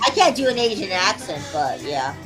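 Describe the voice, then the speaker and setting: A woman's voice: medium pitch, big pitch swings, normal speed, a bit bright, soft background music. Hesitant, self-deprecating woman co-host. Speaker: stream co-host. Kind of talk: casual chat.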